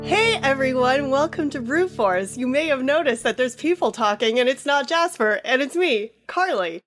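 A woman with a high voice chats on a gaming podcast. She is bubbly and teasing, quick to giggle. She sounds like a casual co-host. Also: expressive, fairly bright tone, faint music behind.

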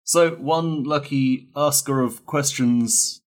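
A man on a tabletop podcast, reading listener questions in a measured, dry way. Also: mid-range voice. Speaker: podcast player.

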